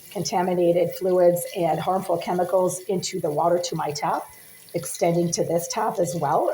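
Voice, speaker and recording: A woman recording a self-made monologue inside her apartment, speaking intensely and insistently in long run-on sentences, her voice husky and smoky-sounding, with the distance to her handheld phone shifting as she moves between rooms. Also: fairly low pitch, dark tone, a little hiss or hum. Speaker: vlogger documenting at home. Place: indoors in a small apartment, kitchen, hallway and bathroom.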